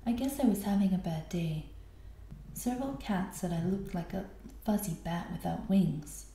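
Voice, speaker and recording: A woman's voice: lowish voice, normal speed, gravelly, mellow, roomy sound, a little hiss or hum. A woman doing a sheepish fennec fox. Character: sulky apologetic male fennec fox.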